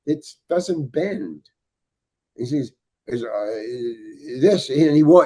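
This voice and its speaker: Older man telling a halting anecdote. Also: medium pitch, expressive, warm tone. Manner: halting, many restarts, acts out quoted dialogue. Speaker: guest storyteller.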